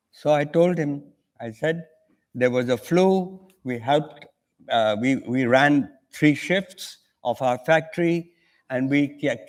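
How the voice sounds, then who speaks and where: An older author with an Indian English accent tells a story at a measured, unhurried pace. He acts out the other people's lines as he goes, with a pitch that sits in the middle for a man. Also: darkish tone. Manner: acts out dialogue in an anecdote. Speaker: author and conference guest. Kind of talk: storytelling on a panel.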